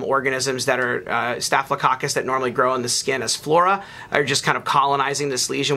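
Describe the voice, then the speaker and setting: A man, a pathologist, talking through microscope slides in a relaxed teaching tone with ums and restarts. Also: medium pitch, vocal fry. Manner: relaxed explaining with fillers and restarts. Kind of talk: narrated microscope slide lecture.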